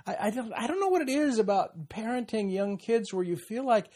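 Older man, podcast co-host, warmly reflective, slightly raised pitch. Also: animated, fairly quick. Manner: gentle, reflective, fatherly.

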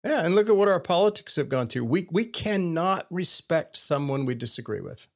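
A man's voice: on the high side, lively intonation, normal speed, creaky. A middle-aged man in casual conversation, earnestly telling stories and acting out the dialogue in them. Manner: earnest storytelling with quoted dialogue.

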